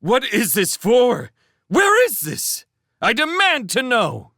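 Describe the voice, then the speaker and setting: A man voicing a frightened young male prisoner who protests in a high, breathless voice. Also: wildly swooping pitch, slow pace, sharp tone, no echo, studio quality, heavily acted. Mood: panicked.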